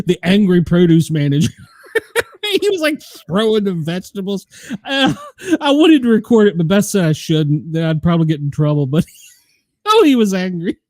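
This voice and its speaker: A middle-aged Southern US man hosts a casual chat podcast, telling stories and laughing often. His voice is high-pitched and a little mellow, recorded with clean studio sound and no echo.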